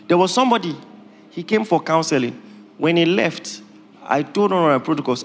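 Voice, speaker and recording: High-voiced pastor preaching with humor. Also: male voice, brisk, a little hiss or hum. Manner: humorous, animated preaching with laughter. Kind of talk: sermon. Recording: long reverb of a hall, faint ambience.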